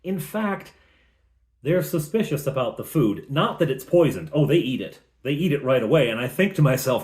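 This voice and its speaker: A man recapping his tabletop campaign as game master, with a lively, swinging voice. He tells the story casually and keeps breaking off for chatty asides. The sound is echoey and roomy. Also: mid-range voice, normal speed.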